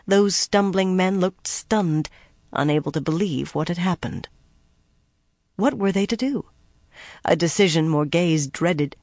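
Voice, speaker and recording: An audiobook narrator reading a fantasy novel in an even, steady manner on a close studio mic. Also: medium pitch, no echo.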